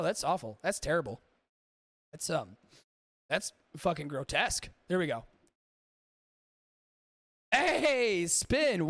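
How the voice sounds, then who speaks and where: A man's voice: sits high, a bit bright, no room sound, clean studio sound. A man hosting a podcast livestream, chatting casually and profanely, rambling and talking to his chat. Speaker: podcast host.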